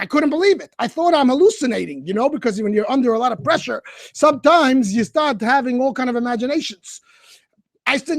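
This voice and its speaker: Animated high-voiced rabbi telling stories. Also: male voice, brisk, dry recording, studio quality. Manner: animated storyteller, addresses children directly. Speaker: rabbi speaking to schoolchildren. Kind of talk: storytelling talk.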